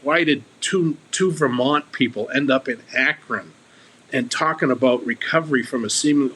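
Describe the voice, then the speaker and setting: Bright-voiced man telling his recovery story. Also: medium pitch, moderate pace, slight background noise, poor audio. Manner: earnest, repeats and restarts words. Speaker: AA circuit speaker guest. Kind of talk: candid podcast conversation.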